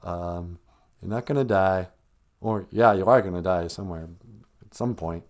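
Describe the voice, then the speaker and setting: A man's voice: deep voice, normal speed, a little mellow. A man hosting a comedy podcast, ranting in a sarcastic, mocking way. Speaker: podcast host. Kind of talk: satirical comedy rant.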